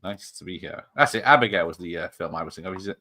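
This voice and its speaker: A man's voice: low-pitched, lively intonation, fast, pushed and bright. A man hosting a casual film watch party online, joking and rambling with frequent laughs. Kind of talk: casual chat over a film.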